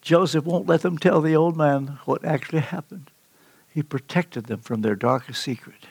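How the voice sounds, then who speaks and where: An older man preaching a sermon, telling stories with emphatic swings in pitch. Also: normal speed, creaky, darkish tone, breathy edge, no echo. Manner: storytelling, emphatic with sudden pitch leaps.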